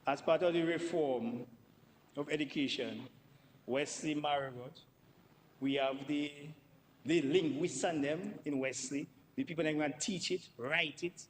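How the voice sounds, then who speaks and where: A man's voice: on the high side, measured pace, big-room sound, slight background noise, rough recording. Emphatic man in a parliament. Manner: emphatic, repeats words for stress. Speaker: member of parliament. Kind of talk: parliamentary debate speech. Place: parliament chamber.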